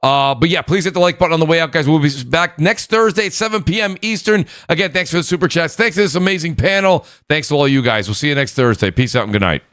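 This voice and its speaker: Man, podcast host, fast talker, joking, rambling, dry close sound. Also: on the high side, lively intonation, a bit bright, no echo. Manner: joking, rambling with self-corrections. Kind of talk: casual gaming podcast chat.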